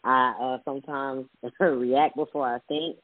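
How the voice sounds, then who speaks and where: A man co-hosting a casual talk show, talking reflectively and reading short quotes aloud, sometimes in quick bursts. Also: mid-range voice, fairly even intonation, no room sound. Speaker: podcast co-host. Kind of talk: casual chat with read-out quotes. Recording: tinny phone-like dry sound.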